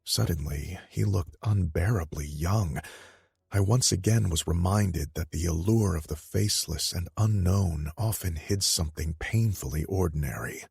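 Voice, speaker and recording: Deep gravelly male audiobook narrator. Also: normal speed, a little mellow, no echo, clean studio sound. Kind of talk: scripted first-person narration.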